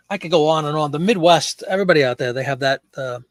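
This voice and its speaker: Host type, man, slightly high voice, dry close sound, loose joking live-stream banter with his chat. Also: fast talker, hardly any pauses, no room sound. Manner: chatty and joking, riffs on viewers' remarks. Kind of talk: casual live-stream chat, reading viewer comments aloud.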